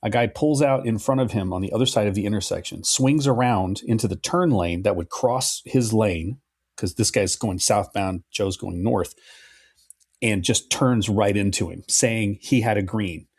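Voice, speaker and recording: Man, middle-aged, low voice, husky, dry close sound, casual podcast storytelling. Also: moderate pace, no room sound. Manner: relaxed storytelling, swears freely. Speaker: podcast co-host.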